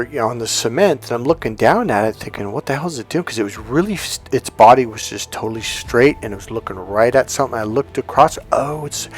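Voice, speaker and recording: A man who works as a dating coach tells a story in a casual monologue, emphatic and repeating key words. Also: mid-range voice.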